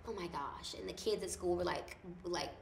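A woman in her thirties with a raspy, slightly hoarse voice, a loud and laughing storyteller in a casual interview. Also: fairly low pitch, normal speed. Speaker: guest actor. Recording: echoey room, faint noise.

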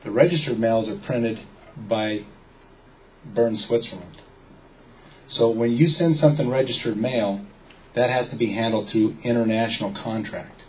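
A man's voice: medium pitch, measured pace, long pauses, highs cut off, slight background noise. A man giving an informal talk to a small audience, often checking in with listeners as he explains. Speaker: seminar speaker.

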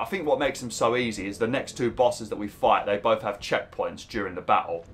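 A man's voice: fairly low pitch, expressive, a little fast, few pauses, fairly bright tone. A man giving rambling, casual commentary over a video game, swearing and laughing easily. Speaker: gaming YouTuber.

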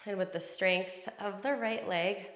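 A woman yoga instructor calmly cueing breath and poses through a guided class. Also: medium pitch, a little slow, reverberant.

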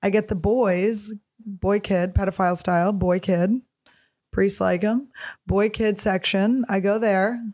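A woman's voice: medium pitch, fairly even intonation, unhurried, darkish tone. Rambling, profane woman comedian. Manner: rambling stream-of-consciousness, profane, jumps topics. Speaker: comedian podcast host. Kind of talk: casual solo podcast chat.

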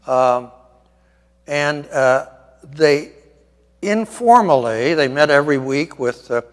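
A man's voice: a little high, animated, takes it slowly. Older man, priest, guest lecture, discursive, wry asides, fillers, long church echo. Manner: discursive, wry asides, frequent ums and restarts.

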